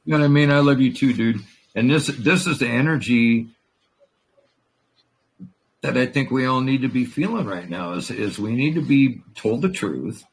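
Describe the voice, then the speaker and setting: A man's voice: medium pitch, moderate pace, breathy edge. A man who is a veteran, talking in a rambling, profane and emotional way in a casual chat. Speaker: veteran in a conversation.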